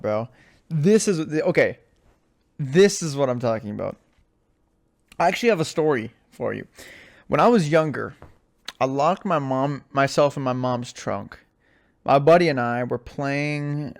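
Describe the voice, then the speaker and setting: A young man with a mid-range voice and vocal fry chats casually on his solo podcast. He's an animated storyteller full of slang and fillers, constantly saying "like" and "dude."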